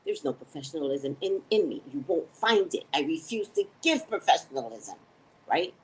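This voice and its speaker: The recording is low quality with a little hiss or hum, and the speaker talks at a moderate pace. She's a U.S. psychic running her own live morning show, chatting loosely on the stream, cursing often and making fun of herself. Her talk wanders off on tangents and she gets animated, jumping into high, excited pitches.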